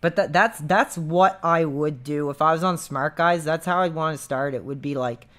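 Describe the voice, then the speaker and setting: A man's voice: fairly high pitch, moderate pace, fairly bright tone. A man chatting casually on a live stream, rambling with lots of fillers and restarts.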